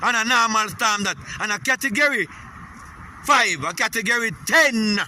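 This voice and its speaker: A man's voice: high voice, normal speed, sharp tone, a little hiss or hum. A man with a Jamaican accent giving a heated, profane political rant, repeating "you hear?" often.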